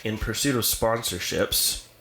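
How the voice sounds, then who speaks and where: A woman's voice: extremely low pitch, a little slow, slight background noise. An American woman co-hosting a podcast in casual chat at a home setup, rambling and laughing often as she talks. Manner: rambling, giggly, animated. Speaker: podcast co-host.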